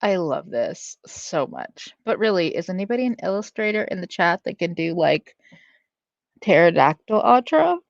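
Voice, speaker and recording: A woman's voice: lowish voice, big pitch swings, normal speed, vocal fry, dry recording, dull audio. A woman hosting a casual livestream, reading out chat, laughing often and swearing freely. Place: at home.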